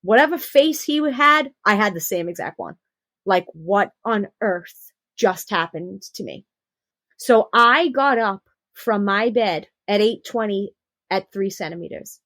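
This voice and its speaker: A young adult woman telling her personal birth story on a podcast, animated and acting out the quotes. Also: medium pitch, a little slow, dry recording. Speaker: podcast guest.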